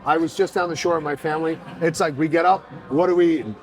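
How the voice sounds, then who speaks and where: A man, a fitness coach chatting as a podcast guest, blunt and profane, telling animated stories. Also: a little high, fast, poor audio. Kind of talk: casual podcast chat.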